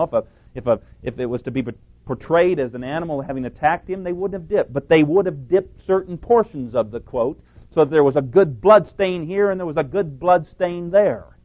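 Male preacher, emphatic, a bit sarcastic; narrow phone-like sound. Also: on the high side. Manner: emphatic, sarcastic, quotes and rebuts opponents. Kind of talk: radio Bible teaching. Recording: tinny phone-like audio.

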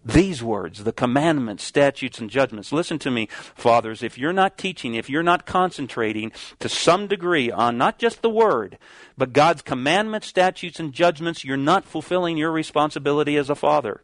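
A man preaching a sermon, reading scripture slowly and stressing key words, with some restarts as he explains. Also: a little high, lively intonation, no room sound.

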